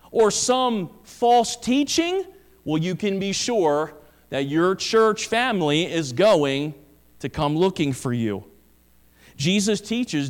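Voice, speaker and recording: A male pastor preaching a sermon, reading Scripture and stressing key words with sweeping emphasis. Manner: emphatic preaching with dramatic pitch swings.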